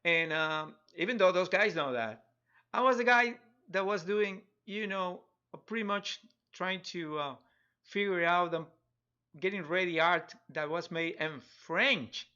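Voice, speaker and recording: A middle-aged man with a Spanish accent chats loosely while he draws, chuckling, restarting and filling pauses as he goes. His voice sits a little high and sounds bright, and the stream audio is dull and lo-fi. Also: clean tone. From Spanish-speaking country. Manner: rambling, chuckling, many restarts and fillers. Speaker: digital artist streaming a drawing tutorial. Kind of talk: casual live-stream chat while drawing.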